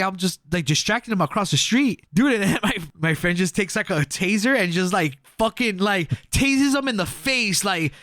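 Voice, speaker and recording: In a clean, dry studio recording, a young male podcast co-host rambles through a casual story loaded with filler words and profanity, performing the quoted lines. His voice is high-pitched and fairly bright, at normal speed with hardly any pauses.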